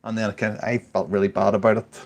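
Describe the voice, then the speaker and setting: Man, forties, tipsy, rambling, sweary, casual chat, lower pitch. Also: little pitch movement, quick pace. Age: 40s. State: tipsy from drinking beer. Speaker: podcast regular.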